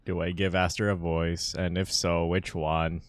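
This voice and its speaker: A man's voice: sits low, little pitch movement, measured pace, dry recording, studio quality. A man streaming live, chatting casually, laughing often and muttering to himself as he clicks through settings.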